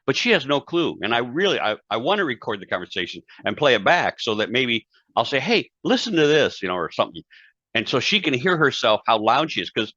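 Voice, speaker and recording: A man's voice: medium pitch, big pitch swings, fairly quick, bright, forceful tone, no echo. A man, a guest speaker and author, talking conversationally and acting out quoted dialogue in his stories. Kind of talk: conversational interview talk. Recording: dull, dry lo-fi sound.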